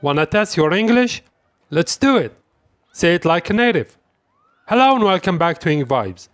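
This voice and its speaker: A man hosting an English lesson as a quiz, saying each example phrase slowly and deliberately and repeating it. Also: high voice, sing-song, dry recording. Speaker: English teacher. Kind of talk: quiz-style language lesson.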